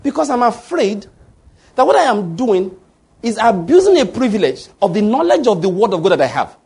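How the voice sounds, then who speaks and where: A man's voice: sits high, sing-song, brisk, a little mellow, breathy edge. A man preaching a sermon, emphatic and often restarting his words while asking the congregation to fill in the answers. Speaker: pastor.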